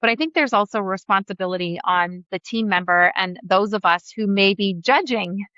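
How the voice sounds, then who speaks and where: A woman's voice: mid-range voice, normal speed, bright, forceful tone, no echo, dull audio. A woman facilitator speaking as a podcast guest, earnest and reflective, sharing personal examples. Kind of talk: conversational interview.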